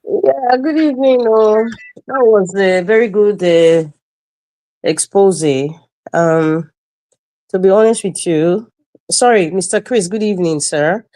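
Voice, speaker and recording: A woman's voice: medium pitch, slow pace, pauses often, dark tone, no room sound. Nigerian lady panelist ranting on a call, dry close sound, fired up and repeating herself. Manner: indignant, emphatic, repeats phrases. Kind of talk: impassioned political commentary. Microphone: video call.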